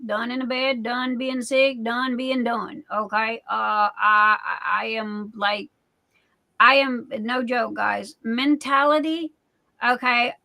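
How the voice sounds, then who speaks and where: Woman in her forties, livestream host; bright, rather high voice, emphatic chatty delivery. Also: vocal fry, rough recording. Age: 40s. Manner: emphatic, repeats herself, keeps asking "okay?". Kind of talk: casual live chat.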